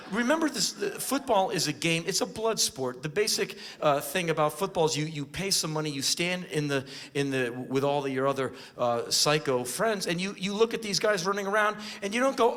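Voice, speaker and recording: Bright-voiced ranting man on stage. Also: sits high, animated, moderate pace. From United States. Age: 40s. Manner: ranting, sardonic, bursts into shouted impressions. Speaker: spoken word performer. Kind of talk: live spoken word comedy. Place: live stage before an audience.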